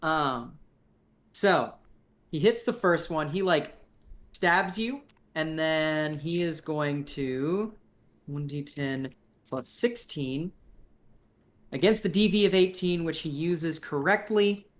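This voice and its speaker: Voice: medium pitch, slow pace. A game master running a tabletop combat in a casual, rambling way, reading rules aloud and narrating moves.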